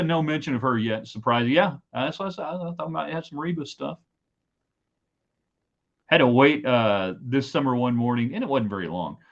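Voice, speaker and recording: Middle-aged man hosting a home stream, emphatic and rambling, average pitch, muffled lo-fi audio. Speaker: host. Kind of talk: casual live-stream chat. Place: home office.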